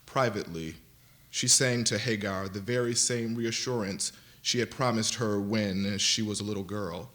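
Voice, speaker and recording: A man on a panel reading a novel excerpt aloud in an expressive, dramatic style, slowing down for vivid images. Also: on the low side. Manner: dramatic, varied delivery that slows for vivid images. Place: university lecture event.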